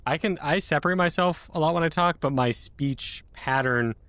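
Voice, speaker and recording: A man's voice: on the high side, moderate pace, fairly bright tone, no echo. A man hosting a casual podcast chat who jokes and laughs as he talks. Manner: chatty and joking, laughs mid-sentence. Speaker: podcast host.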